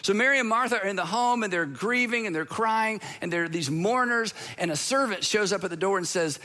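A male pastor delivers a sermon in a high, bright, ringing voice. He is earnest and emphatic, circling back on key phrases. At moments of weight he slows almost to a stop.

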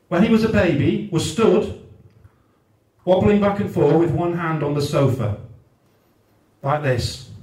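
A man in his thirties from South Wales does brash, sweary stand-up for a live crowd. His fairly high voice rings around a roomy venue and sounds a little distant from the mic. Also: dark tone. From Newport, South Wales. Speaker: stand-up comedian. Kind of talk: stand-up routine. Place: live comedy venue, large room. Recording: echoey room heard from a distance.

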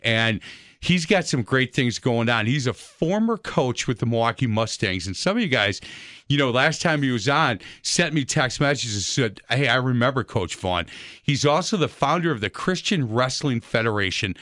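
A man's voice: medium pitch, lively intonation, normal speed, a bit bright, dry recording. A man hosting a sports radio show, chatting casually and joking as he tells stories over a studio headset. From Wisconsin.

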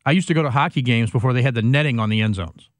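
An older man hosting a casual sports talk show, telling stories and teasing his partner between fillers. His voice sits at a middle pitch with a dry, close sound. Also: very fast, dry recording. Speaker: host.

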